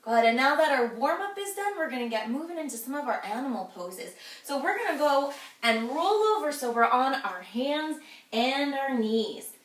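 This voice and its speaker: A woman's voice: high voice, expressive, normal speed. A woman guiding a children's yoga class, cheerful and encouraging as she talks the kids through each pose. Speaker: kids' yoga instructor. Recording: echoey room, voice from a distance.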